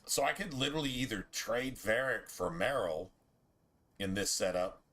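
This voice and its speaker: A man's voice: fairly low pitch, animated, moderate pace, a bit bright. A man streaming a video game, chatting in a rambling, laid-back and profane way. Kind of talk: casual gameplay commentary.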